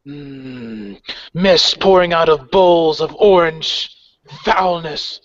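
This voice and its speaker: A man voicing a gaunt, defiant female werewolf warrior who declaims slowly and proudly. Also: on the high side, expressive, no room sound. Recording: dry, muffled lo-fi audio.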